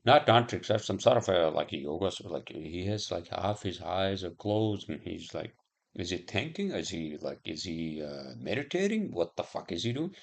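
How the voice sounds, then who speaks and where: A man's voice: deep voice, very animated, normal speed, vocal fry. A man rambling in a casual monologue, swearing often and musing aloud with lots of fillers.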